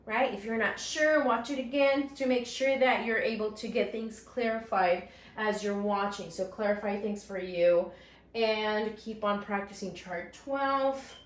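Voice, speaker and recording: Woman teacher, slightly high voice, very slow and deliberate, echoey room. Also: a bit bright. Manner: slow, drawn-out word modeling with encouraging praise. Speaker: first grade teacher. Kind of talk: recorded phonics lesson for young children.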